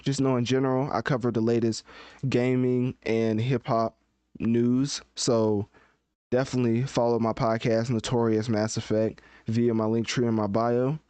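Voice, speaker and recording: A man's voice: mid-range voice, little pitch movement, moderate pace, warm tone, smooth, no echo. A man hosting a casual live-stream podcast, chatting and thinking aloud as he looks things up. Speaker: podcast host.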